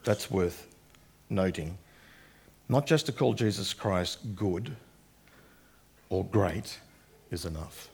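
A man's voice: low voice, animated, slow, pauses often. A man preaching a sermon that works through a passage of scripture, retelling the verses in plain everyday speech. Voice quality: gravelly, husky.

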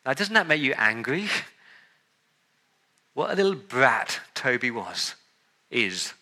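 A male pastor delivers a sermon in an emphatic style, stacking repeated words and phrases. His voice has a very bright, sharp tone. His pitch sits in a middle range for a man. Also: very animated, slow pace.

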